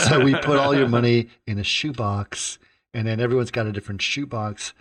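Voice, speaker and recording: A man in casual podcast chat about movies. He retells scenes with relish and slips into lowered, muted voices for the characters. His pitch sits at an ordinary middle range. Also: normal speed. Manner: animated storyteller, acts out sketch characters in a lowered voice. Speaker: podcast co-host.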